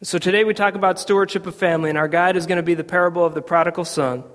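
A man, a pastor, preaching a sermon in a church and telling a family story in a relaxed, conversational way full of fillers and restarts. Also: sits high, rapid-fire, in a large hall. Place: church sanctuary.

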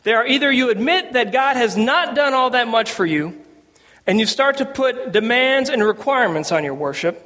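High-voiced preacher in a reverberant hall. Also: male voice, lively intonation, moderate pace, pushed and bright. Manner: conversational preaching with humor and quoted voices. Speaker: pastor. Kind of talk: sermon. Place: church sanctuary. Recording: long reverb of a church hall.

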